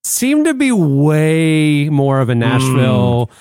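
A man's voice: a little high, very animated, takes it slowly, a little mellow, dry recording. A man co-hosting a podcast, telling stories in a dry, wry way in casual chat. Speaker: podcast co-host.

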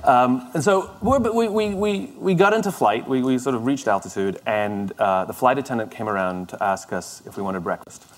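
A man's voice: medium pitch, expressive, normal speed, hardly any pauses. A middle-aged man telling a story in a conversational, self-deprecating way, often restarting his sentences. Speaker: speaker. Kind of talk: storytelling talk.

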